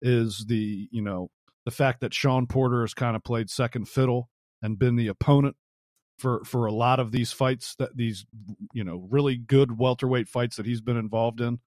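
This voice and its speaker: A man's voice: mid-range voice, steady tone, moderate pace, a little mellow, no room sound, clean studio sound. A man co-hosting a boxing podcast, ranting in casual chat, swearing and mocking with put-on voices. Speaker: podcast co-host.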